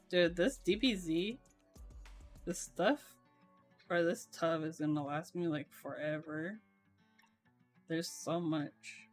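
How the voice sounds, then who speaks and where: A young woman streaming, chatting casually while she builds a keyboard, in a voice she calls monotone and with frequent laughter. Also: fairly low pitch, slow, long pauses, faint music behind. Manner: self-described monotone voice, laughs often.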